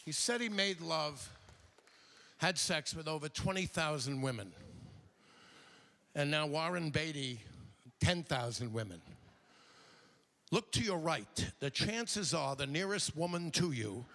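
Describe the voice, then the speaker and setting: An older man doing stand-up comedy, chatty and digressive, slipping quickly into impressions. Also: fairly high pitch, animated, gravelly, bright, forceful tone.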